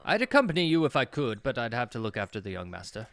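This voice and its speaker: Guy doing an old servant, formal and sad, sir this sir that, lively pitch. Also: fast talker, creaky. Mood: sorrowful. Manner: formal, deferential, calls everyone sir. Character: elderly male family servant, humble and sorrowful.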